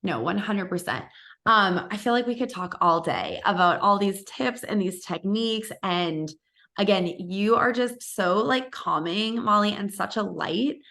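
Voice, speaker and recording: A woman's voice: medium pitch, lively intonation, vocal fry, bright, forceful tone. Chatty, effusive woman podcast host. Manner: chatty and effusive, quick restarts. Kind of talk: casual interview chat.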